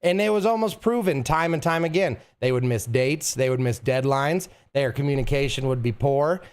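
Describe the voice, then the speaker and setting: A young man streaming from home, chatting casually with his viewers in an animated, teasing way and laughing often. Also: medium pitch, moderate pace, clean tone. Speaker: streamer reading chat. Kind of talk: casual live-stream chat.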